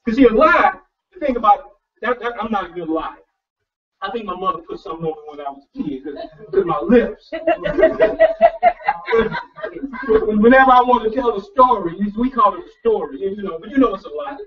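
High-voiced preacher, distant and muffled. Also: male voice, animated, fast talker. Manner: repeats words and restarts often, folksy and personal. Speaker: pastor. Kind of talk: conversational sermon. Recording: distant, dull lo-fi sound.

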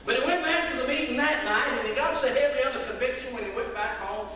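A man's voice: very high-pitched, fast, bright, forceful tone, a little hiss or hum. A man, preaching a sermon with folksy storytelling. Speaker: pastor. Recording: echoey hall from far off.

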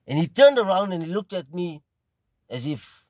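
A middle-aged man from South Africa with a South African accent, telling a casual, rambling story at an unhurried pace and often repeating phrases. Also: fairly high pitch, lively intonation, no room sound. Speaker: pipe smoking video host.

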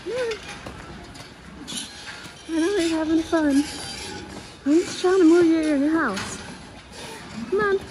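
Among cows outdoors on a farm, a young woman films a casual vlog while herding, breathless and flustered, coaxing the loose cows and talking to herself. Her very high-pitched voice moves slowly, with long pauses, over a noisy outdoor farm recording.

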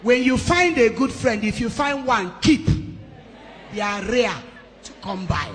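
A woman pastor, telling a personal story in a sermon with emphatic, changing loudness. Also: fairly high pitch, lively intonation, measured pace. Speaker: pastor hosting a women's conference. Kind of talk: sermon testimony. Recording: long hall reverb.

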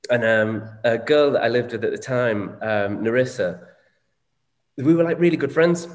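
Man, 40s, frank co-host, mid-pitched voice, echoey room. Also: normal speed. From Northern England. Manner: frank, reflective, swears casually. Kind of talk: candid conversational chat. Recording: echoey room with long reverb.

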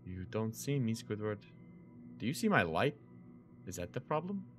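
A man's voice: lowish voice, very animated, normal speed, faint music behind. Young man doing jumpy game commentary. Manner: jokey, swears, yelps when startled. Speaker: gaming video host. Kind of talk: let's play commentary.

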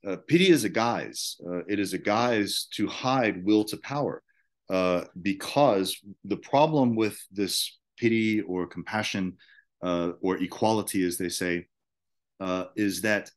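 Male guest with a lowish voice, halting, many fillers, casual discussion.

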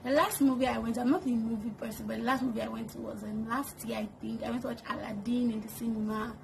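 Chatty woman with a gravelly edge. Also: a little high, fairly even intonation, fast. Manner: chatty, laughs often, answers questions to camera. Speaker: vlogger. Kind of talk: casual get-to-know-me chat. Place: at home. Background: kids making noise.

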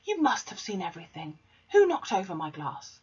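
A towering, furious headmistress, as a woman puts her on, roaring in a high, strained shout. The voice is husky and pushed far above a lowish natural pitch. A dull lo-fi recording. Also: huge pitch swings, normal speed, exaggerated voice. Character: furious bellowing giant female headmistress.

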